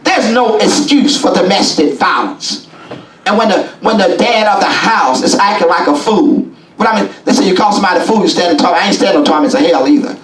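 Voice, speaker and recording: A man preaching a sermon as bishop in a church, folksy and call-and-response, rising now and then into shouts. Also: high-pitched, lively intonation, brisk. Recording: echoey church from a distance.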